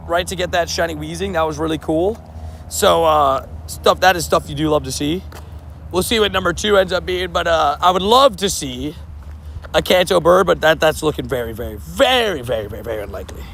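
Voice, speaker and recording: Upbeat young man livestreaming outdoors, gravelly. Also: high voice, a bit bright, slight background noise. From not from New York. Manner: upbeat, chatty, laughs often, restarts sentences. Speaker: livestreamer playing a mobile game outdoors. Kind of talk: casual live-stream chat.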